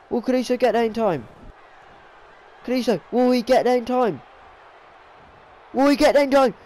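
A young man with a high voice gives excitable play-by-play on a wrestling video game, repeating his calls and stumbling over words, on poor audio.

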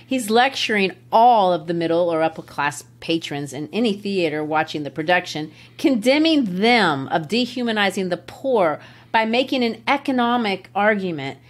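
A woman's voice: mid-range voice, animated, moderate pace, hardly any pauses. A woman hosting an educational literature podcast, explaining a play in an engaged way and laughing easily. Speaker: podcast host, literature teacher.

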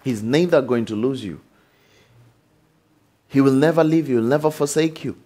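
A man preaching a sermon with animated delivery, repeating lines and asking rhetorical questions. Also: mid-range voice, normal speed. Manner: acts out short dialogues in changed voices.

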